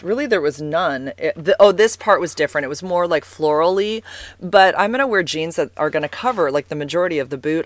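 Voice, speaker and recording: A woman's voice: sits low, no room sound. A woman in her forties from California, chatting casually to camera as a vlogger in a rambling way, full of fillers and "like"s. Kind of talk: casual personal storytelling.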